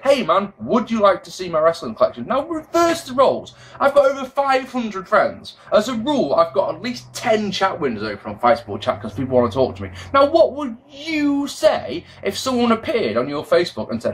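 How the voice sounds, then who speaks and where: Man, casual video commentary, lively swooping pitch, slightly high voice, rambling, swears freely. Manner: animated, swings between loud outbursts and low mutters. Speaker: wrestling show reviewer.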